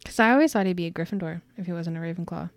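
A woman's voice: on the low side, very fast, dry recording. A woman co-hosting a podcast, chatting casually about a book and acting out the characters' lines with laughs. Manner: animated, acts out quoted lines with laughs. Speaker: podcast co-host.

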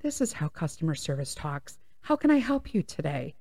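A woman imitating a polite, scripted female bank call-center agent in a soft, falsely soothing customer-service voice. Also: low-pitched, very animated, normal speed, dry recording, studio quality, voice pushed down, exaggerated voice.

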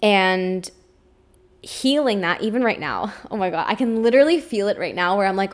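A woman's voice: mid-range voice, lively intonation, moderate pace. A young adult woman hosting a solo podcast, talking openly and emotionally, with a lot of "like" in her speech. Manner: emotional, open, says "like" often. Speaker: podcast host. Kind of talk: candid solo podcast monologue.

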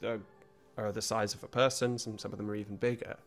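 A man's voice: fairly low pitch, level tone, quick pace, fairly bright tone. A man narrating as game master, describing scenes in an easygoing way over faint music.

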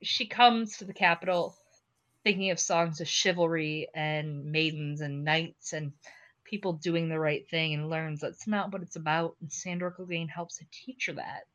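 A woman's voice: low voice, steady tone, moderate pace, a bit bright, dull audio. A tipsy woman co-hosting a casual podcast chat, gushing and laughing often as she talks. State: tipsy from drinking. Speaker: podcast co-host.

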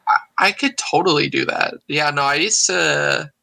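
A man's voice: a little high, moderate pace, vocal fry, crowd noise. A young man as a guest in a casual chat, telling stories in an easygoing, enthusiastic way.

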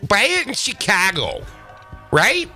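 A man with a high, piercingly bright voice bantering on a radio show. His jokey, boastful talk swings widely in pitch, with faint music behind. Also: huge pitch swings, slow pace. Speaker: radio guest. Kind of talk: casual on-air banter.

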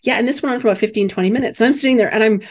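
A woman's voice: a little high, racing. A bereaved mother in casual conversation, telling a personal story with animation and acting out the voices of the people she quotes.

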